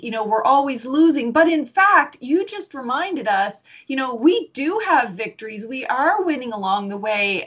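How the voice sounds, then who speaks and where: A woman's voice: sits high, fairly bright tone. A woman interviewer responding in a reflective, affirming way. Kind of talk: conversational interview.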